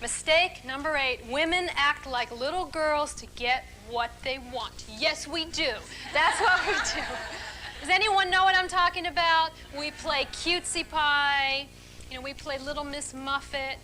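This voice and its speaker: A middle-aged woman leading a seminar for a live audience, talking in an animated, emphatic and playful way. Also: high voice, a little slow, music in the background. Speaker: relationship speaker leading a seminar.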